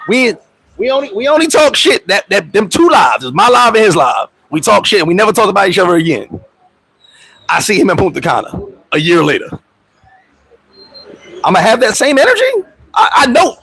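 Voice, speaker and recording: A high-voiced man holds a casual livestream chat, his husky voice leaping up and down. He talks in street slang, laughs often, and acts out quick scenes in put-on voices. The sound is close and dry. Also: fairly bright tone, dry recording, rough recording. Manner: loose street slang and profanity. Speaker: expat vlogger and livestream host.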